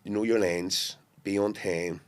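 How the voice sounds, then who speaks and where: A man's voice: low-pitched, a little slow, smooth. A man with a Belfast accent, a guest actor chatting in a casual podcast interview, telling stories animatedly with frequent restarts. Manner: animated storyteller who acts out quotes with frequent restarts.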